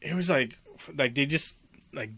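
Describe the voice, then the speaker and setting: A man's voice: mid-range voice, normal speed, pushed and bright, dry recording. A man co-hosting a podcast in casual chat, blunt and crude, often dropping in short agreements. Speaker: podcast co-host.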